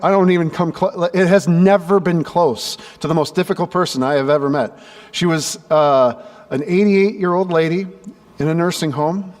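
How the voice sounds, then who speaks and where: A male pastor preaching a sermon, telling stories and acting out the dialogue with lively energy. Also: a little high. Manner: animated storyteller who acts out dialogue. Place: church sanctuary. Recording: echoey church with faint background noise.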